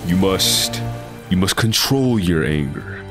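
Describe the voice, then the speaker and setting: A man putting on a gruff warrior father, pushing his voice well below its usual pitch. He sounds mock-solemn and slow as he lectures his son, with loud game music underneath. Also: animated, heavily acted. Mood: mock-stern. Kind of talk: gaming stream impression.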